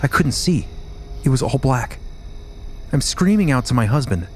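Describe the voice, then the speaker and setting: A man hosting a podcast, dramatically reading a first-hand witness account and getting loud at the quoted screams. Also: medium pitch, normal speed, slight background noise. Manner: animated storytelling, rising to shouts at quoted screams. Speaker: podcast host.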